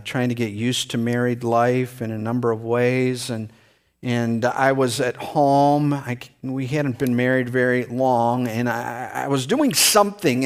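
A middle-aged man preaching a sermon as pastor, telling a story in a lively way and acting out the voices in it. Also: clean tone. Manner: animated storytelling, rising to excited high-pitched re-enactments.

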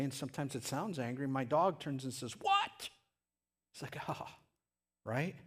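A man preaching a sermon in a conversational way, often restarting phrases and now and then breaking into loud shouted lines. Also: mid-range voice. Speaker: pastor.

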